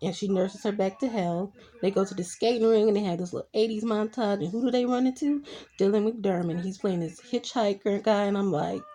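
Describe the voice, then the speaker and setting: A woman's voice: mid-range voice, a little fast, dark tone. A young adult woman chatting casually as she recaps TV episodes, adding her own reactions along the way. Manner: chatty retelling full of "I'm like" reaction asides. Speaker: TV show reviewer.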